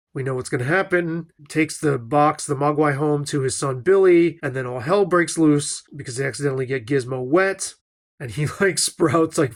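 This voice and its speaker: A man's voice: on the high side, fairly bright tone. A middle-aged man talking casually through an old film review, rambling with many fillers and asides. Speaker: film commentator.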